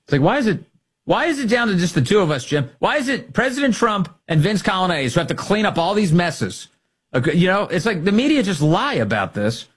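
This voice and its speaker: A man's voice: high voice, sing-song, a little fast, husky. A man hosting a political talk show, sarcastic and heated, throwing insults and mocking his targets. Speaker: radio talk show host. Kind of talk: opinionated political talk radio.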